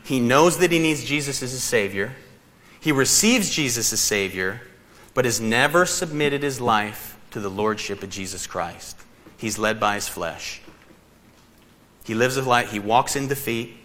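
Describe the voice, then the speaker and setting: Bright-voiced pastor in a reverberant hall. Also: male voice, mid-range voice, a little slow. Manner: animated, laughs through his story. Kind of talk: sermon with personal storytelling. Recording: reverberant hall, faint ambience.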